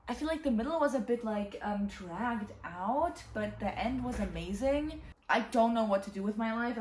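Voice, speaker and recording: A woman's voice: mid-range voice, a little hiss or hum. A tired young woman chatting casually as a book vlogger, rambling and reacting dramatically. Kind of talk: casual vlog chat. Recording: echoey room.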